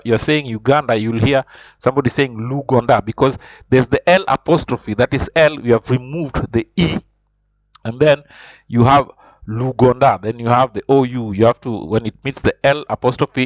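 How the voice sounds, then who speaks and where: A man's voice: mid-range voice, no room sound. A man teaching beginner French in an informal online lesson, explaining patiently and circling back to rephrase himself. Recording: dull lo-fi voice recording.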